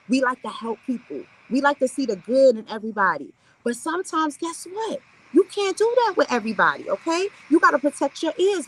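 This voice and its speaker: A woman's voice: high voice, fairly bright tone, low-quality recording. A woman hosting a live affirmation stream, giving an upbeat, preachy motivational talk and chatting with her viewers.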